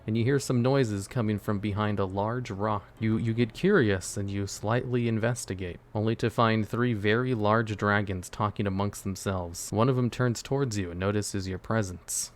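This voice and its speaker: A man's voice: fairly low pitch, steady tone, moderate pace, few pauses. A man running a tabletop-style adventure as game master, narrating in a casual, joking, offhand way and talking to his chat.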